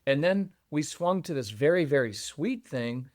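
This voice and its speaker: A middle-aged man guesting on a podcast about parenting, who talks in an animated, conversational way and acts out what other people say. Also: measured pace, dry recording, clean studio sound. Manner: animated, acts out quoted voices with jumps in pitch. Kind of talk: conversational interview.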